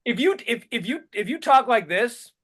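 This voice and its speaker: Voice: mid-range voice, lively intonation, normal speed, fairly bright tone. Sarcastic comedic ranter on a podcast. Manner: sarcastic, profane, mocks others in put-on voices. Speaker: podcast co-host. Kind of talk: comedic political rant.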